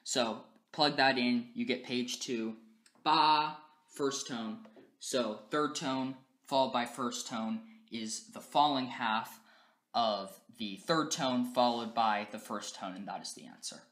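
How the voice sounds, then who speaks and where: A young man works through a class presentation one step at a time, with plenty of "um" and "uh" fillers as he goes. His voice sits at an ordinary middle pitch, and the recording has a roomy echo around it. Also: slow, fairly bright tone. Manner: methodical step-by-step explaining with frequent fillers. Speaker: language student.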